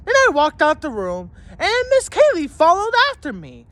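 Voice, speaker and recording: A vlogger telling a story as an angry rant, swearing constantly and shouting at times. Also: high-pitched, wildly swooping pitch, moderate pace.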